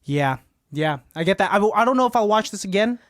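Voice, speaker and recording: A man's voice: sits high, animated, quick pace, no echo, clean studio sound. A man hosting a podcast, bantering casually and laughing often. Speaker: podcast host.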